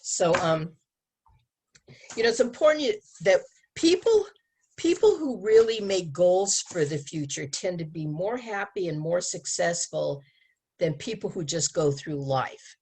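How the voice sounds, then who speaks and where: Husky woman giving a lively talk. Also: lowish voice, measured pace. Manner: animated, acts out quoted lines, laughs often. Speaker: abstinence educator. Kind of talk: presentation to an audience.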